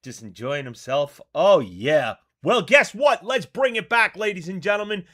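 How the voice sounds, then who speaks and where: A chatty, excitable man hosting a casual livestream. His voice sits very high, and he greets viewers by name. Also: moderate pace. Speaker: show host.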